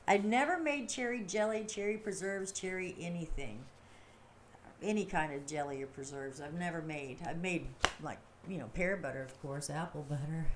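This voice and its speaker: A woman's voice: on the low side, slight background noise. A woman chatting casually to her livestream viewers, rambling and laughing often as she talks. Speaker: livestream host.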